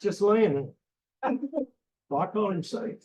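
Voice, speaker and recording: A man's voice: high-pitched, unhurried, a little mellow, low-quality recording. A man telling a folksy, easygoing story to a small group at a club meeting. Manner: folksy storytelling, says y'all. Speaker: chapter member. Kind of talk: casual anecdote to a small group. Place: restaurant meeting room.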